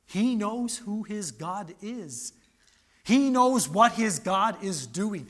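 Preaching a sermon, a man is animated and dramatic, breaking into sudden loud outbursts and tossing questions at the congregation. His voice is high-pitched and he takes his time.

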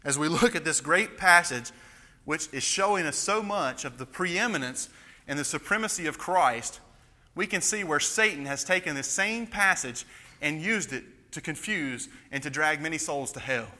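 A man preaching an expository sermon with a tense, hard-driving voice set a little high. He grows emphatic and fervent as he presses his points. The sound rings with the long reverb of a large church hall. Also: expressive, moderate pace, bright, forceful tone.

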